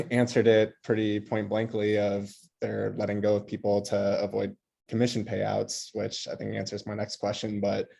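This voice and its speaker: A man's voice: fairly low pitch, creaky, warm tone. A man calling in with a question, polite and a bit rambling. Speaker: caller asking a question. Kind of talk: question on a video call.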